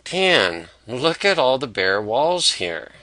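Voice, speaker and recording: A man voicing an eager woman advertising executive, speaking slowly with a slightly raised voice. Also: medium pitch, very animated, sharp tone, no room sound, full character voice, poor audio.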